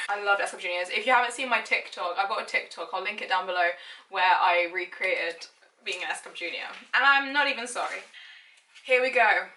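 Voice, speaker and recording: Speaking briskly in a medium-pitched voice that sounds pushed and bright, a lifestyle blogger in her late twenties reads aloud from her childhood diary. Chatty and self-mocking, she giggles occasionally, recorded far from the mic in an echoey room.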